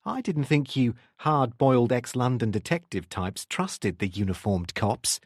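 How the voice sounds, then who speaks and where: A man's voice: medium pitch, animated, measured pace, dry recording, clean studio sound. A man voicing a doubtful, teasing female detective with a New Zealand accent in an audiobook. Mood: wary.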